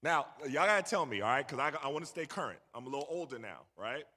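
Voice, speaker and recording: A man's voice: medium pitch, animated, quick pace, sharp tone. A middle-aged man telling a story to a young audience and bantering with the crowd. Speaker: guest speaker. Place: large church hall. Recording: echoey church hall.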